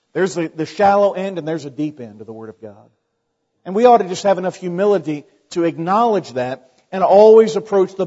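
Man, pastor, folksy sermon, husky voice, slightly high, dull lo-fi recording. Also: a little mellow. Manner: folksy, conversational preaching with anecdotes.

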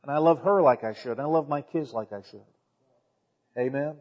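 A man's voice: mid-range voice, a little fast, darkish tone, highs cut off. A middle-aged man preaching a sermon in a church, folksy in tone, building emphasis and quoting scripture. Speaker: pastor.

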